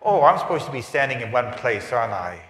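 A man giving a lively homily, acting out voices and asides, in a large church. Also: medium pitch, fast. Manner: animated, acts out voices and asides. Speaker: priest. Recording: roomy church reverb.

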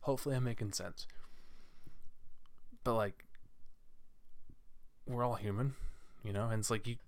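A man's voice: fairly low pitch, steady tone, measured pace, dry recording. A young man hosting a solo podcast, ranting with many restarts and fillers. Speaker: podcast host.

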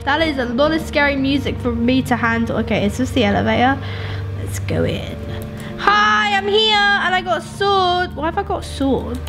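A young woman giving excitable gaming commentary, shrieking and pleading with characters on screen. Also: high-pitched, normal speed. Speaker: gaming YouTuber. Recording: game music behind voice. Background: music.

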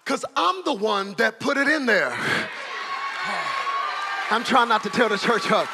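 A man as guest preacher, giving a fervent, animated sermon in church with storytelling and shouted peaks. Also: very high-pitched, measured pace, creaky, crowd noise, background noise. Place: church service.

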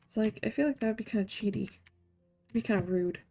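A woman's voice: mid-range voice, a little fast, vocal fry, warm tone. A woman streamer giving casual, rambling gameplay commentary with a chatty, self-mocking way of talking.

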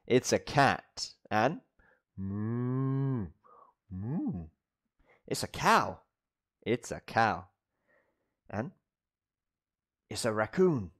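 Guy doing a kids english class, super slow and sing-songy, repeats every word. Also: fairly low pitch. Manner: slow, drawn-out repetition with playful animal noises. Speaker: English teacher. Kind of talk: children's ESL vocabulary lesson.

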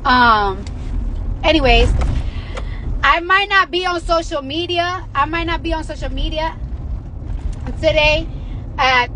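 A woman livestreaming from inside a moving car, talking brashly and excitably, swearing and repeating herself. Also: sits high, unhurried, long pauses, background noise. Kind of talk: casual livestream chat.

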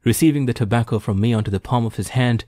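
A man narrating an audiobook in a measured, formal storytelling manner. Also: mid-range voice, mellow, no echo, clean studio sound. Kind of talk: scripted narration.

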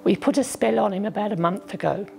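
A woman voicing a gentle, reassuring man who put a spell on his horse. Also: medium pitch, fast talker, vocal fry, faint music behind, lightly acted. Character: kindly man who keeps a bewitched horse.

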